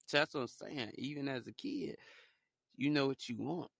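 A man's voice: mid-range voice, normal speed, creaky, fairly bright tone, no echo, clean studio sound. A young man talking casually in a rambling motivational monologue, joking and laughing as he mocks the people who envy success. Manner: rambling, joking, laughs often, mocks haters in put-on voices. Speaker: podcast host.

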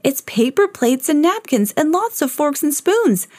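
A skeptical, snooping little schoolboy from a picture book, as a mother voices him. He talks in a hushed, conspiratorial way with a lively lilt. The sound is close and dry. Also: high-pitched, unhurried, no echo, pitched above the performer's own voice.

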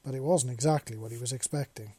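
Brief: male storyteller, dark husky voice, dry close sound. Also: mid-range voice, fast, dry recording. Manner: plain steady reading with small slips. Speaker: narrator. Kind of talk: reading fan fiction aloud.

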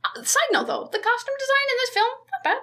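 A woman co-hosting a podcast, recapping a movie in casual chat, animated and cursing freely with jokey asides. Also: extremely high pitch, fast talker. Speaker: podcast co-host.

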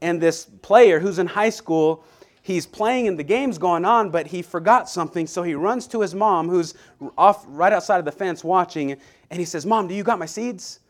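A man preaching a Sunday sermon in an earnest, conversational way, with frequent restarts and slow, deliberate scripture reading. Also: high voice. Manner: reads scripture aloud slowly and deliberately.

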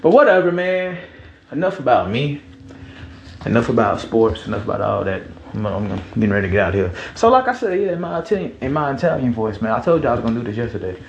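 Gravelly young man, casual podcast chat. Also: on the low side, animated, quick pace, echoey room, lo-fi sound, a little hiss or hum. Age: 20s. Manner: rambling, slangy and profane. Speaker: podcast host.

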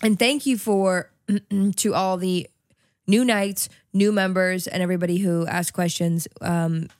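A woman's voice: fairly low pitch, steady tone, unhurried, darkish tone, no room sound, clean studio sound. A young woman co-hosting a casual chat podcast, playful and giggly, reading out a list of names in a sing-song way. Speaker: podcast co-host.

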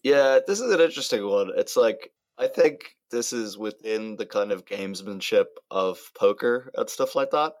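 A man's voice: lowish voice, animated, moderate pace, few pauses, dry recording. A man in casual podcast chat, talking things through in a thoughtful, hedging way.

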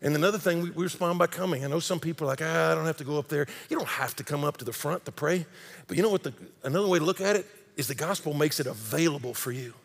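Gravelly high-voiced preacher in a reverberant sanctuary. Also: male voice, fast. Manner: impassioned, swings from loud emphasis to hushed intensity. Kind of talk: sermon. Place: large church sanctuary. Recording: long hall reverb.

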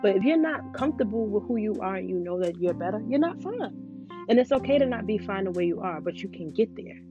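A vlogger talks frankly and casually to the camera, often saying "you know," in a mid-range voice with lively intonation and a fast pace. The sound is dull and lo-fi, with guitar music playing in the background.

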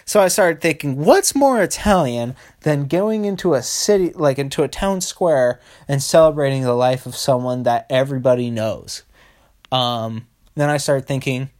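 A man's voice: mid-range voice, darkish tone. Male podcast host, solo comedy rant, crude and rambling, laughs a lot.

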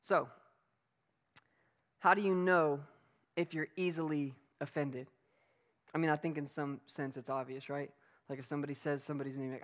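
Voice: medium pitch, steady tone, moderate pace, long pauses. A preacher giving a sermon in an emphatic, conversational way, asking the listeners rhetorical questions. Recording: long reverb of a hall.

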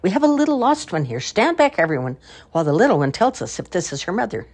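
An older woman voicing a tall, jolly village leader man in a husky voice. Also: medium pitch, big pitch swings, fast, a little mellow, voice pushed up. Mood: jovial.

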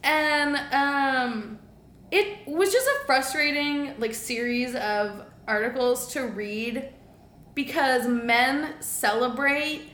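A young woman co-hosts a podcast, chatting casually and with animation in a high, slightly bright voice at a slow pace. The room sounds echoey.

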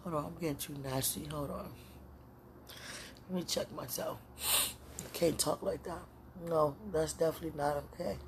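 A woman's voice: sits low, noisy background. Woman musing intimately, rambling and prayerful. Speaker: podcaster. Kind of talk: casual spoken monologue.

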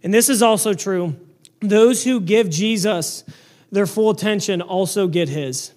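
A young man with a strikingly high voice delivers a sermon. He talks to the congregation conversationally, asking rhetorical questions and driving his points home with energy. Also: a little slow, darkish tone. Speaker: pastor.

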